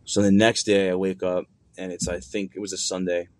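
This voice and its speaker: A man's voice: sits low, flat delivery, a little fast, a little mellow, dry recording. A young man telling a personal story in a loose, conversational way, with plenty of fillers and slang.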